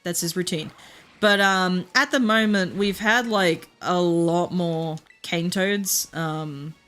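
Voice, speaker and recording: An Australian woman chats while she streams a game, with a bright, clear edge to her voice. She talks in a loose, chatty way, swears often and laughs through her own stories. Soft game music plays quietly behind her. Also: on the low side, takes it slowly. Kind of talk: casual chat while gaming.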